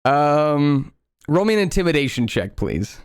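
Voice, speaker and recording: A man's voice: on the high side, very animated, a little slow, clean tone, no room sound, clean studio sound. A man running a tabletop game as game master, narrating scenes and explaining rules patiently with lots of filler words.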